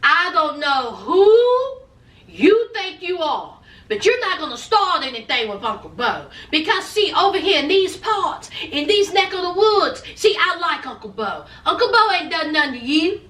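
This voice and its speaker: A woman's voice: very high voice, lively intonation, normal speed, few pauses, sharp tone, roomy sound, far from the mic. A woman giving sassy, dramatic commentary in a TV recap vlog, full of folksy slang. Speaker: reality TV recap vlogger.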